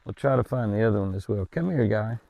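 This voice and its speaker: A man's voice: lowish voice, lively intonation, fast, creaky, no echo, phone-quality sound. A man filming deer outdoors on his ranch with a handheld camera, chatting casually and coaxing the animals to come close. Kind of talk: casual outdoor vlog narration.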